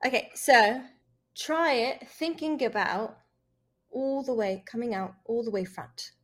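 An American woman coaching a student through accent placement, patient and encouraging, with a fair number of ums and uhs. Her voice sits a bit higher than most. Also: animated, measured pace. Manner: encouraging, many fillers, laughs often. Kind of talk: coaching lesson conversation.

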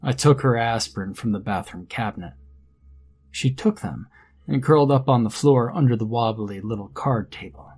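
A man narrating a first-person horror story in a measured, grim storytelling manner. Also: medium pitch, a little mellow, husky. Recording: faint background music under narration.

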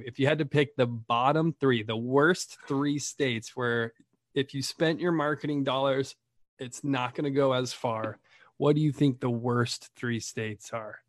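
A man hosting a relaxed business chat, his voice sitting in a middle register. He rambles, chuckles and jokes as he goes. The sound is dry, with no room echo. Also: mid-range voice. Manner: chatty, rambling, laughs often. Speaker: podcast host, Medicare marketer. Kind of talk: casual chat.

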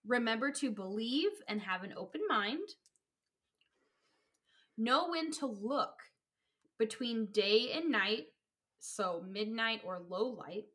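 A woman's voice: fairly high pitch, expressive, slow, pauses often, fairly bright tone. A young woman co-hosting a casual podcast, rambling and giggly with lots of fillers. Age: young adult. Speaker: podcast co-host. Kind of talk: casual chat.

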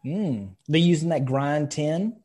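A man's voice: on the high side, takes it slowly. A man co-hosting a podcast, talking bluntly and with animation in casual chat. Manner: blunt and animated, telling stories with quoted speech. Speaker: podcast co-host.

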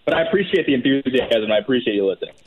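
A man co-hosting a podcast in casual chat, chatty and quick to laugh. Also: mid-range voice, lively intonation, breathy edge, rough recording. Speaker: podcast co-host.

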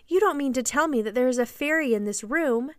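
A woman voicing a polite, excitable, well-bred young girl in a storybook reading. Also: a little high, normal speed, no room sound, studio quality. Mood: excited.

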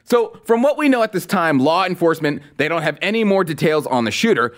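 A man hosting a commentary podcast, his voice sitting a little high. He swings it up and down a lot. He talks in a sarcastic, mocking way. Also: big pitch swings, brisk, hardly any pauses. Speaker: podcast host. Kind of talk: political commentary podcast with ad read.

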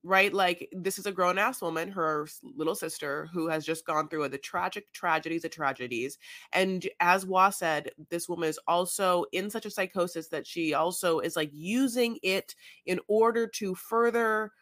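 A woman's voice: lowish voice, normal speed, fairly bright tone. A woman co-hosting a podcast, recapping in a chatty, hedging way with plenty of "you know" and "like". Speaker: podcast co-host. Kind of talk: casual recap chat.

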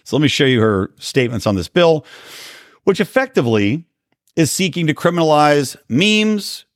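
A man's voice: fairly high pitch, very animated, moderate pace, no echo, clean studio sound. A man hosting an opinionated solo commentary show, talking in a sarcastic, emphatic way with occasional swearing. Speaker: political commentary host.

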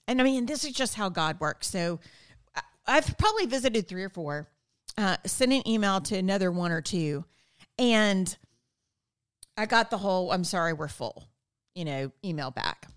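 A middle-aged woman, a podcast guest, telling stories in casual conversation and acting out quoted lines with lively energy. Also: mid-range voice, moderate pace, long pauses, clear, resonant tone. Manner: animated, acts out quoted dialogue. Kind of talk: casual storytelling interview.

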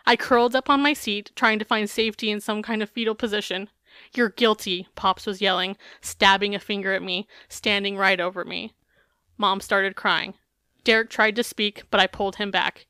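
Bright clear-voiced woman podcast host. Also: mid-range voice, fairly even intonation, normal speed, no echo, studio quality. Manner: candid, swears freely, filler-heavy. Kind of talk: reading a memoir aloud, then casual chat.

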